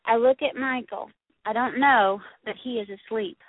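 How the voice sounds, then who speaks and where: A woman's voice: a little high, normal speed, slightly rough, no echo. A woman reading a first-person story in the voice of a young girl, told in a plain, childlike way. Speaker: audiobook narrator. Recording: tinny, phone-like dry recording.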